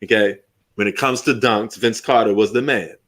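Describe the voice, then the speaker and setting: A middle-aged man hosting a live sports stream, talking loosely and with lots of profanity as he reminisces and jokes about old highlights. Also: steady tone, normal speed, a bit bright. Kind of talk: casual live commentary.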